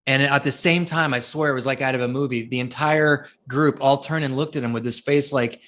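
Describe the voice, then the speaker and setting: Guy telling stories in an interview, lively, jumps up high when he quotes people, lots of restarts. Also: fairly quick, hardly any pauses. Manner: animated storyteller, acts out quoted people, many restarts. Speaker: guest speaker and author. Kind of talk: storytelling interview answers.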